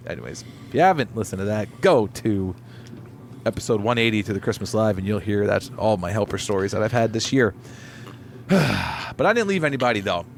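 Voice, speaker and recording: A man's voice: fairly low pitch, a little fast, vocal fry, slight background noise. A man co-hosting a podcast, telling stories in casual, profane chat and acting out the people in them. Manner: animated storytelling with swearing and put-on quotes. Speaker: podcast co-host, delivery driver.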